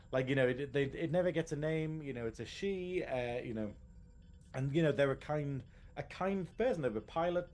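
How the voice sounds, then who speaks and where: A man's voice: medium pitch, warm tone, slight background noise. A man, co-hosting a casual review podcast, talking in an emotional, rambling way with many restarts. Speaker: podcast co-host.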